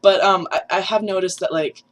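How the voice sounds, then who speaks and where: A man's voice: high-pitched, fairly even intonation, brisk. Nasal young trans man, rambling chat. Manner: chatty and rambling, many fillers, laughs at self. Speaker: vlogger. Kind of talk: casual vlog update.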